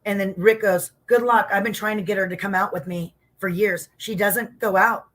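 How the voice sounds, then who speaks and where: A middle-aged woman, a former wrestler, telling stories in a casual interview, animated and acting out quotes, with casual swearing. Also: medium pitch, moderate pace.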